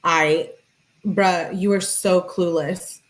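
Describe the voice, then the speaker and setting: A woman's voice: fairly low pitch, fairly even intonation, slow, rough recording. A woman who runs a true-crime channel reads text messages aloud and adds casual, exasperated asides to her viewers.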